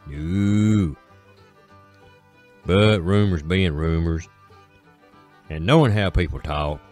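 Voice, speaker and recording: A man with an Appalachian accent telling a folk tale in a slow, drawling way, with dramatic pauses. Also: sits low. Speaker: storyteller. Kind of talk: folksy spoken storytelling.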